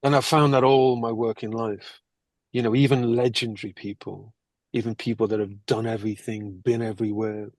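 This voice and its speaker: An older man, an actor, telling lively anecdotes in an interview and acting out the people he quotes. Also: mid-range voice, moderate pace, no echo. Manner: animated, acts out quoted people. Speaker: actor guest.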